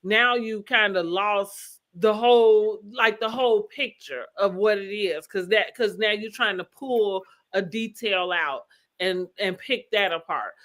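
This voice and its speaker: Bright-voiced woman recapping reality TV. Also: mid-range voice, unhurried. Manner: animated, rhetorical questions, laughs easily. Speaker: podcast co-host. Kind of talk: casual reality-TV recap chat.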